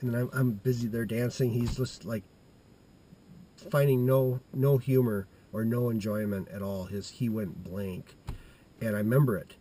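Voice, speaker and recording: A middle-aged man telling a childhood anecdote in a halting, rambling way, full of restarts and fillers. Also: mid-range voice, fairly even intonation, dark tone, slight background noise. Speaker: storyteller.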